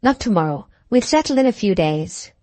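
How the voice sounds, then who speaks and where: A man's voice: sits high, big pitch swings, moderate pace, warm tone, no echo. A woman voicing an evasive young male soldier in an audiobook, with a cool, offhand manner. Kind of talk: audiobook character reading.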